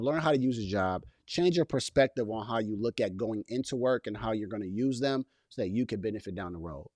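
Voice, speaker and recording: A man's voice: fairly low pitch, expressive, fairly quick, few pauses, darkish tone, dry recording, studio quality. A man hosting a casual commentary video, talking passionately and directly to viewers with plenty of slang about keeping a job while building a business. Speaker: host reacting to a podcast clip.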